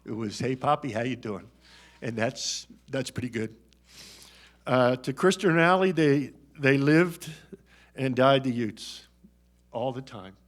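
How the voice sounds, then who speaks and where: A man's voice: medium pitch, slow pace. An older man delivers a farewell speech at a press conference in a mid-range voice. He talks in a folksy, wisecracking way, and emotion catches in his voice now and then. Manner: folksy, joking, choked up at times. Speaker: retiring athletics director.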